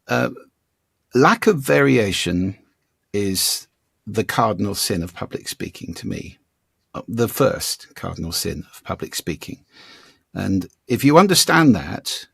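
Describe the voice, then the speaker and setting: An older man as an interview guest, explaining ideas in a demonstrative way and playing with his pitch and volume to show his points. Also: vocal fry, breathy edge, no room sound, clean studio sound. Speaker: guest, speaking coach. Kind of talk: conversational interview.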